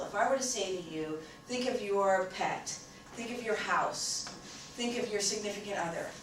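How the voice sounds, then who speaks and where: A woman with a New York accent tells a story to an audience and plays out both people in the conversation. She sounds far from the mic in a very echoey room. A steady hiss of noise sits under her voice. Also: mid-range voice. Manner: animated, acts out both sides of the story. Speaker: speaker on communication.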